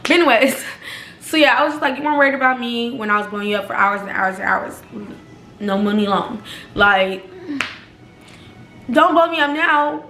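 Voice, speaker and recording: A young woman vlogger, telling a personal story casually and acting out the quotes in a raised voice. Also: fairly quick. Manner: animated, acts out quotes in higher pitch. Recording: echoey room, faint background noise.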